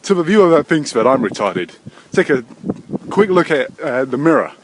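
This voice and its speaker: A man in his thirties hosting a rambling solo podcast, swearing constantly, drifting between low mutters and sudden loud outbursts. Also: sing-song, moderate pace, noisy background. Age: 30s. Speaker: podcast host. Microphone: desk microphone.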